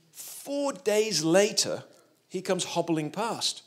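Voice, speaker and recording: A man's voice: fairly high pitch, animated, normal speed, fairly bright tone. A man, a guest preacher telling a humorous story in a sermon.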